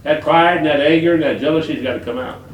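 Older man, preacher, from Detroit, folksy rambling sermon, fairly high voice, distant mic, echoey hall. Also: quick pace, muffled recording. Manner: rambling, colloquial, laughs at own stories.

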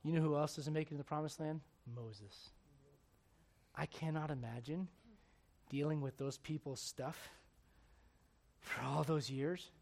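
A man preaching a sermon as pastor, speaking emphatically with loud bursts and direct questions to the congregation. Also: on the high side, unhurried, gravelly, pauses often.

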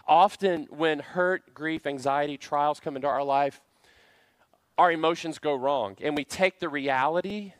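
A man's voice: fairly high pitch, dry recording. A man preaching a sermon to a church congregation, earnest and full of rhetorical questions. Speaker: pastor. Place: church service.

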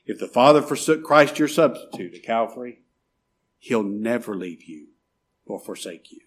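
A middle-aged man preaching a sermon, pleading and emphatic, swinging from loud rises to soft drops. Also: medium pitch, animated, normal speed. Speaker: pastor.

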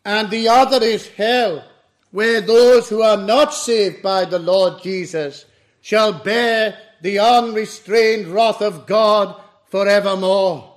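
A man preaching an expository sermon in a measured, solemn way. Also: sits high, fairly even intonation. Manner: slow, measured, solemn doctrinal delivery.

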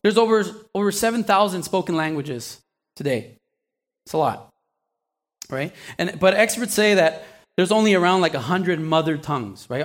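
A slightly high-voiced man preaches casually, as if talking with the audience. Questions for the listeners, small dramatized asides, and repeated words and restarts run through his delivery.

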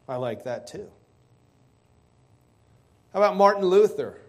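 A man preaching a sermon, stressing key words slowly and asking rhetorical questions. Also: sits high, big pitch swings, a little mellow.

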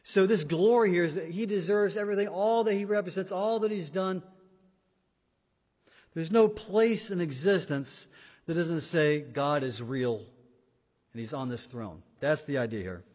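A man preaching a sermon, emphatic, swinging between loud and quiet and repeating words for weight. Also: on the high side, normal speed. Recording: dull sound in a reverberant hall.

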